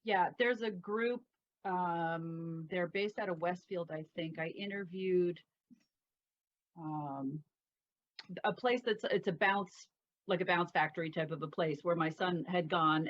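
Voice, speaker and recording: A woman hosting an interview, animated and quick to agree, telling stories from her own life as a mother. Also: fairly low pitch. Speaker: interview host. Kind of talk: casual interview chat. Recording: dull lo-fi audio.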